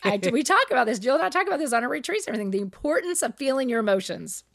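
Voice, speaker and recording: A middle-aged woman co-hosting a podcast, telling personal stories candidly, animated and self-deprecating, often laughing at herself. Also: sits high, rapid-fire, vocal fry, no room sound. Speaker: podcast co-host. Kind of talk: candid conversational storytelling.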